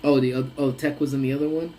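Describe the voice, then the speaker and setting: A man hosting a casual live chat on his lunch break, telling stories with big swings from low mutters to high exclamations. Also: little pitch movement, fast talker, mellow, a little hiss or hum, low-quality recording. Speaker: live stream host. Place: parked car on a lunch break.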